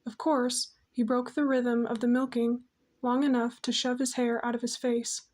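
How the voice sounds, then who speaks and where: A woman narrating an audiobook with a steady, even storytelling manner. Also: on the high side, moderate pace.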